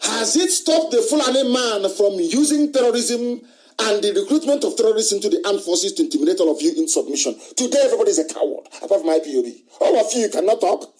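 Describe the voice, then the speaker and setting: A man's voice: high-pitched, expressive, quick pace, darkish tone, poor audio. Impassioned man broadcasting live. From Nigeria. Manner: emphatic, repetitive rhetorical questions and declarations. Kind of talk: impassioned live radio monologue.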